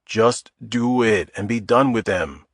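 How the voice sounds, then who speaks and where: A man's voice: fairly low pitch, slow, no room sound, studio quality. A man voicing a wry, self-deprecating man in his mid-forties in an audiobook. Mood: earnest. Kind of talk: audiobook character voice.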